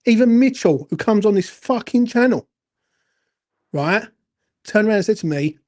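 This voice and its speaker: A man rants at a football fan channel, angry, emotional and sweary. His voice sits high but sounds dark and mellow. He keeps repeating himself as the frustration builds. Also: expressive, normal speed, pauses often. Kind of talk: impassioned fan rant.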